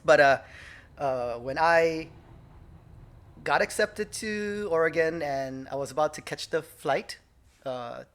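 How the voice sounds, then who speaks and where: A man's voice: on the high side, takes it slowly, long pauses. A man in his thirties from Hawaii, a judo instructor, telling stories in a casual interview and laughing often. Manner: animated storyteller, laughs often. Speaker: judo instructor and dojo owner.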